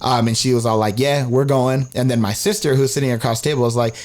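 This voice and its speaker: A young man co-hosting a laid-back podcast and spinning a story about a night out. He talks casually and swears freely, and his voice jumps sharply when he acts out what people said. His pitch is mid-range. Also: steady tone, fast, hardly any pauses. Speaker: podcast co-host.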